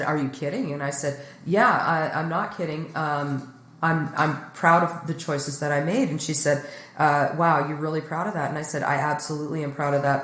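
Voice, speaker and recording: A woman's voice: sits low, reverberant. A middle-aged woman comedian telling a candid story in a blunt, joking way. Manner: blunt, joking, animated retelling. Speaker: guest comedian.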